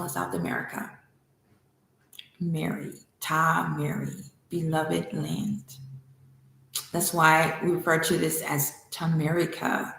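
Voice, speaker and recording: A woman spiritual teacher giving a casual devotional talk, a chatty, digressive storyteller who laughs easily and reads aloud from a book. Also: fairly low pitch. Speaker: spiritual teacher and temple founder. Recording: very echoey room.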